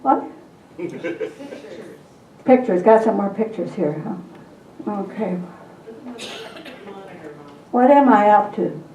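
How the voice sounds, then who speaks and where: A woman's voice: medium pitch, animated, takes it slowly, long pauses, warm tone. A woman leading a call-and-response Bible lesson, coaxing her listeners and repeating prompts with frequent laughter. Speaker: Bible teacher for a group. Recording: distant, roomy and dull.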